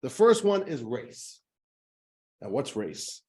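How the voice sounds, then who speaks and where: A man, a rabbi, giving a casual lecture to a class, chatty and joking, his pitch jumping up to stress points. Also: very animated, slow pace, mellow. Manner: chatty, jokey, pitch jumps up for emphasis.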